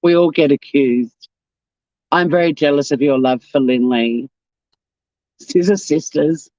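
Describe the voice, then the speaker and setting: A woman's voice: sits low, measured pace, dark tone, no room sound, muffled recording. An Australian woman with a South Australian accent hosting a casual livestream, rambling bluntly and swearing as she reads out comments. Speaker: YouTube livestream host.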